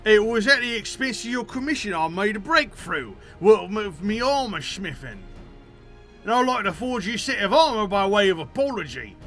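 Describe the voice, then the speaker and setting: A man doing a gruff hearty blacksmith. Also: high-pitched, very animated, normal speed, a bit bright, soft background music, pitched above the performer's own voice. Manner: rough sailor-like speech, dropped words.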